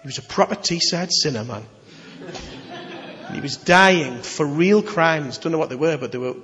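A preacher delivering an animated, conversational sermon with emphatic questions to the congregation. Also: male voice, fairly high pitch, normal speed. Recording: echoey hall, slightly dull.

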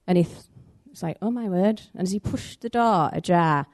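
A woman's voice: on the low side, moderate pace, darkish tone. A woman preaching a sermon in a conversational way, telling a story and acting out the voices in it.

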